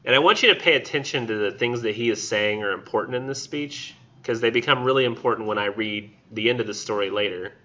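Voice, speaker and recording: A man's voice: lowish voice, bright, forceful tone. A man lecturing a college class in a casual, chatty way, full of fillers and digressions, in a dull lo-fi recording. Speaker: college instructor.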